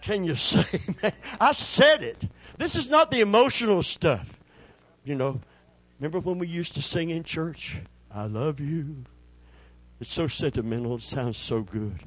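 A man preaching with a high voice, calling for amens and building to loud shouts before dropping to a hushed tone. The sound is close and dry, with no room echo. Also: very animated, a little slow, breathy edge. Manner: preaching with call-and-response, rising to shouts then dropping low. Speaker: pastor. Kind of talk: sermon.

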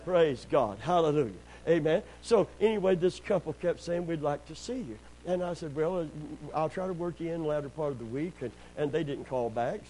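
A middle-aged pastor, preaching in a folksy storytelling way, sprinkling in amens and praise God, and rising loud and high when he gets worked up. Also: fairly quick, hardly any pauses, slight background noise, low-quality recording. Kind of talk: sermon.

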